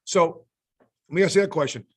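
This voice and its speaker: A man hosting a podcast, asking probing questions in a relaxed, conversational way. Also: a little high, a little fast, husky. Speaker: podcast host. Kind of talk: casual podcast interview.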